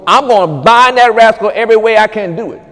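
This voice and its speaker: A man preaching a charismatic sermon as pastor, dropping to low murmurs and rising to high shouted commands. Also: quick pace, big-room sound.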